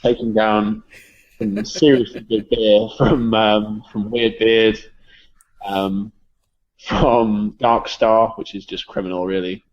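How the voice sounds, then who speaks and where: Guest, English man, low voice, casual rambling chatter, muffled lo-fi recording. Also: takes it slowly. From England. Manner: relaxed, rambling, trails off softly. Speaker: guest from a beer shop. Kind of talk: casual chat.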